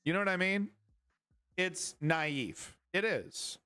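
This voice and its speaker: A man's voice: high voice, lively intonation, takes it slowly, bright, forceful tone, clean tone, no echo. Profane, combative male political host. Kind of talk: ranting online commentary.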